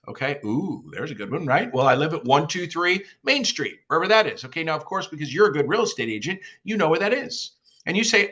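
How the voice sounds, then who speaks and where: A middle-aged man, a real estate guest expert, coaching in an energetic conversational way and acting out phone calls as he tells stories. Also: fairly high pitch, a little fast.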